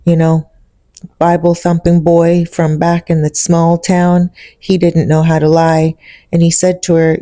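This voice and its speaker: Woman, storyteller, chatty, talks to the viewer, low dark voice. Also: little pitch movement, measured pace, no echo. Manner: chatty, addresses listeners directly. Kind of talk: casual storytime vlog.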